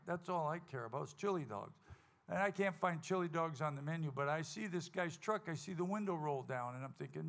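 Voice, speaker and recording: A man hosting a live country music show, telling a folksy, animated story to the audience and acting out the quotes. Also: on the high side, creaky. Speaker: stage host and singer at a country music show. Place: live music venue stage.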